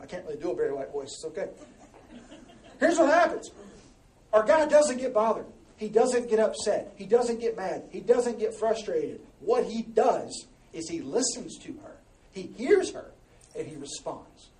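A high-voiced man preaching a sermon, animated and conversational, dropping into quiet asides and then pushing out loud exhortations. He is heard from a distance in an echoey church hall with faint ambience behind him. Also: normal speed. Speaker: pastor.

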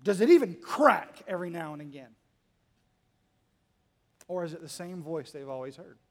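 Male pastor, high voice, dynamic sermon delivery with humor, hall reverb. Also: expressive, moderate pace. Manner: dynamic, swinging between quiet asides and loud emphatic lines; humorous, teasing the congregation. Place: church hall.

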